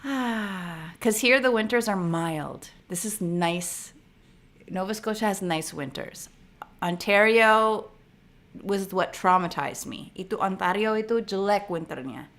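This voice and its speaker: Woman from Canada, live stream host, chatty, thinks aloud, medium pitch. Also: measured pace, fairly bright tone. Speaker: livestream host. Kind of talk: casual chat reading viewer comments.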